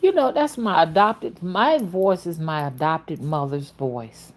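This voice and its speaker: A woman hosting a casual livestream as a spiritual reader, with a soothing, melodic soft voice, greeting viewers by name and making folksy asides. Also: fairly low pitch, expressive, measured pace. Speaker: spiritual reader and channel host.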